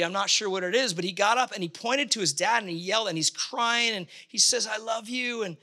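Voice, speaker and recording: Male pastor, middle-aged, high and very bright voice; fervent sermon delivery with emphatic bursts. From Canada. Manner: impassioned, emphatic bursts, halting restarts.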